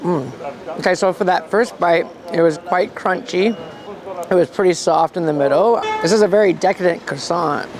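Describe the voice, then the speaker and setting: A man's voice: high-pitched, normal speed, crowd noise. A man with a stuffy nose, playfully reviewing pastries in a casual outdoor food vlog. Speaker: food vlogger in costume.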